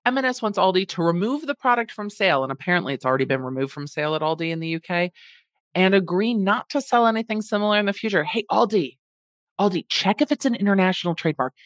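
A woman's voice: mid-range voice, animated, fast talker, dry recording. A woman hosting a podcast, chatting casually and wryly about a food lawsuit. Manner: chatty, wry, sarcastic asides. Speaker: podcast host.

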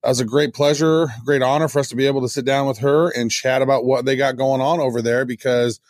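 A man's voice: mid-range voice, fairly even intonation, quick pace, dry recording, clean studio sound. A man co-hosting a podcast in casual chat, talking with enthusiasm, rambling and restarting his sentences. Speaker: podcast co-host.

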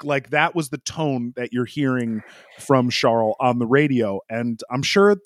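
A man co-hosting a casual podcast chat, expressive and quick to imitate the radio messages he heard. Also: mid-range voice, no echo. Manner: lively, expressive, mimics radio calls. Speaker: podcast co-host.

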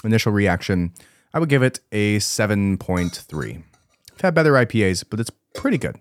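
Guy hosting a podcast, low voice that swings up and down a lot, hammering his points home. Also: very animated, moderate pace. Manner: emphatic, repeats points for force. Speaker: podcast host. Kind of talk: casual opinionated podcast commentary.

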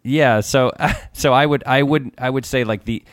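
A man's voice: mid-range voice, normal speed, dry recording, studio quality. A man in his forties, a podcast guest, telling long rambling stories in casual chat.

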